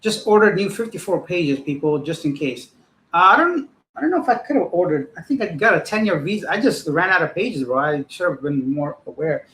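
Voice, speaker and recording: A man's voice: fairly high pitch, a little fast, echoey room, slight background noise, poor audio. Chatty profane man telling a story. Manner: rambling, profane, animated retelling. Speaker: livestream host. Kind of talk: casual livestream storytelling.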